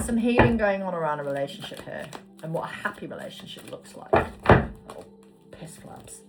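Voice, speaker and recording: A woman giving a casual tarot card reading, chatty and swearing casually as she talks. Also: mid-range voice. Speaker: tarot reader. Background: background music.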